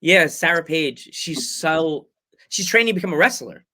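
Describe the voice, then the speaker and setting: A man hosting a podcast, telling animated stories and acting out other people's cries and shouts in casual chat. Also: a little high, moderate pace. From Long Island, New York. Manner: excitable storyteller, acts out quotes with loud cries. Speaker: podcast host.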